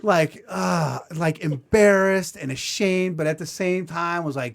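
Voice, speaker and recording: A podcast host with a fairly high, gravelly voice talks at normal speed, with hardly any pauses. He tells a comedic story in a casual, profane, self-mocking style.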